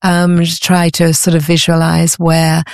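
A middle-aged woman being interviewed, chatty and enthusiastic, often pausing with ums as she explains. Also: low voice, monotone, darkish tone, no room sound, clean studio sound. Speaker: guest, antiques author. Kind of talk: conversational interview.

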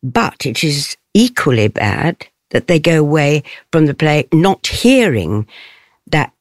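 An older stage actress giving an interview. She speaks in a thoughtful, measured way and laughs softly often. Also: deep voice, sing-song, no room sound, clean studio sound.

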